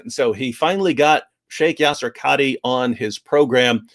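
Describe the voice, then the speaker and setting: A man giving an animated explanation on a livestream discussion, restarting sentences often and acting out quoted speech. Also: medium pitch, normal speed. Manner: frequent restarts, acts out quotes.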